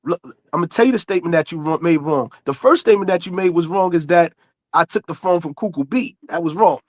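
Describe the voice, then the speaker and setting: A high-pitched man argues hard, circling back to restate his point again and again over interruptions. The sound is dry and close, with no room around it. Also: fast talker, no echo. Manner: insistent, repeats himself, talks over others. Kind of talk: heated casual argument.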